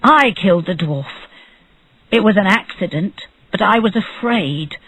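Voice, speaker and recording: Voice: mid-range voice, expressive, unhurried, sharp tone, husky, no echo, exaggerated voice, poor audio. An audiobook narrator voicing a desperate male fish seller confessing urgently in a storybook reading.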